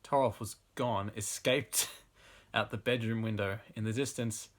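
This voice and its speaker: A man's voice: fairly low pitch, fairly even intonation, measured pace. A young man reads bad fan fiction aloud for laughs, often breaking into laughter and chatting casually between passages. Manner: laughs through the reading, casual asides. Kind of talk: comic dramatic reading with asides.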